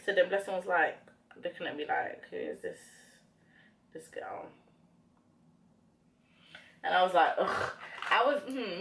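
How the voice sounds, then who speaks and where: A young woman vlogger chatting casually while doing her makeup, talking in a reflective, rambling way with many fillers. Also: on the low side. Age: young adult. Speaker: beauty vlogger.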